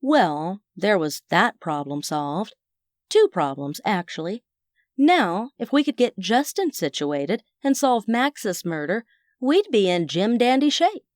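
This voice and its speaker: A woman's voice: mid-range voice, sing-song, takes it slowly, dry recording, clean studio sound. A woman narrating a first-person audiobook in a wry, chatty manner.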